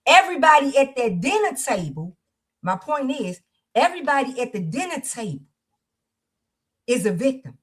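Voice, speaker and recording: A woman's voice: sits high, sing-song, moderate pace, long pauses, husky. A woman hosting a livestream support circle, speaking in a fervent, preacher-like way. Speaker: host. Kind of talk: livestream talk.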